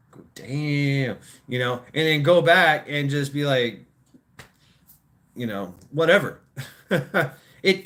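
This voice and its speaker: A man's voice: a little high, a bit bright. A man chatting on a livestream, wandering from point to point with confident opinions. He stumbles and repeats himself as he goes, dropping casual profanity along the way. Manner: rambling, opinionated, stammering restarts; crude, swears freely. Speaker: livestream host.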